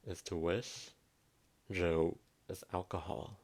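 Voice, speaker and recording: Deep low guy teaching pronunciation, southwestern vietnamese accent, slow and careful, repeats each word. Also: fairly even intonation, mellow. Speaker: language teacher. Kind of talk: pronunciation lesson.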